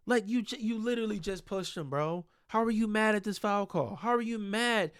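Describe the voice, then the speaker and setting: A man's voice: sits high, moderate pace, few pauses, fairly bright tone, clean tone, no room sound, studio quality. A man breaking down basketball game film in a casual, exasperated and blunt way, swearing freely.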